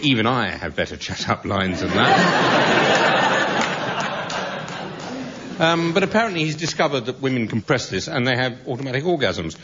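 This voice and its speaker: A man's voice: medium pitch, a bit bright. A man on a comedy panel, rambling through a comic story with many ums and uhs. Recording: muffled broadcast recording.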